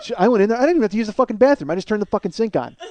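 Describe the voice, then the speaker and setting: A man's voice: high voice, lively intonation, racing, darkish tone. A man in his forties hosting a comedy podcast, telling a long story in a rambling, profane way that builds into indignant rants. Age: 40s. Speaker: podcast host.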